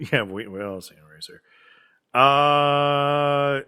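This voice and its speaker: Male podcast co-host, bright crisp voice, excitable and chatty, reads trivia in between filler words. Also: fairly high pitch, takes it slowly. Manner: enthusiastic, filler-heavy, reads trivia aloud. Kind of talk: casual movie podcast chat.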